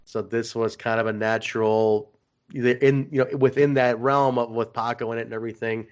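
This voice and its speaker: A man in his usual speaking range co-hosts a casual podcast and tells stories with animated energy, laughing through them. The recording sounds a little dull and lo-fi. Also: mid-range voice, normal speed, clear, resonant tone. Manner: animated storyteller, laughs while retelling. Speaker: podcast co-host.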